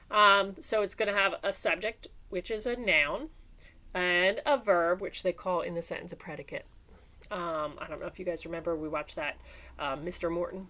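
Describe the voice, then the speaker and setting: A woman teaching a recorded class lesson, animated and sing-song, calling on students by name in a classroom. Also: mid-range voice. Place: classroom with whiteboard.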